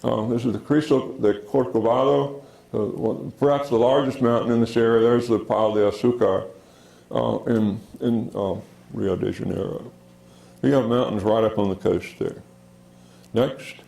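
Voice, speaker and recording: A man lectures from his slides in a roomy, echoing hall. His voice is dark and gravelly, and he speaks haltingly, with many fillers. He keeps calling out "next" to move on to the next slide. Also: medium pitch. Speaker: geology lecturer.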